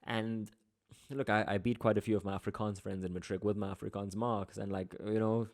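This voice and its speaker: A young man, tutoring through an exam paper in a relaxed, slangy, chatty way. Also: lowish voice, fairly quick. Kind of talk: casual exam walkthrough.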